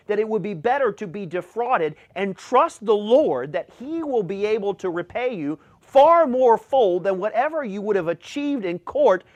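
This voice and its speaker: A man's voice: high-pitched, dry recording. A middle-aged male pastor preaching a sermon, reading scripture aloud and driving his points home with emphasis.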